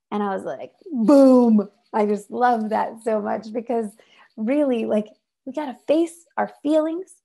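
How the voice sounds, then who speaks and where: A woman giving an inspirational talk over a video call, animated and emphatic. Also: a little high, creaky. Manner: animated and emphatic, acts out voices. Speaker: presenter.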